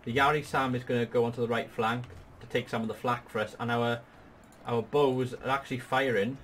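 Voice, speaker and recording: A man's voice: mid-range voice, fairly even intonation, brisk, a bit bright, slight background noise. A man hosting a gaming video, patiently walking a partner through a strategy battle with upbeat, explanatory commentary. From Wales. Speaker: gaming channel host. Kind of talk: strategy game tutorial commentary.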